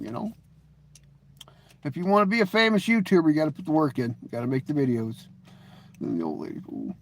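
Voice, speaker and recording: A middle-aged man hosting a live stream, chatting casually with viewers. He rambles, jokes and leans on "you know" as he talks. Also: a little high. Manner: rambling and joking, full of "you know" and restarts.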